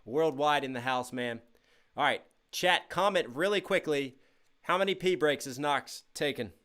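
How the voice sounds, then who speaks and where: Speaking at a moderate pace in a voice on the high side, this young livestream host runs a casual stream. He gives hyped, upbeat shout-outs while reading donations and chat messages, with a hint of tiredness underneath.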